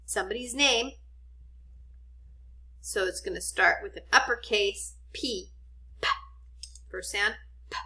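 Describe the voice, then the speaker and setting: A woman teaching a children's spelling lesson, sounding out each letter slowly and gently reassuring. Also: mid-range voice.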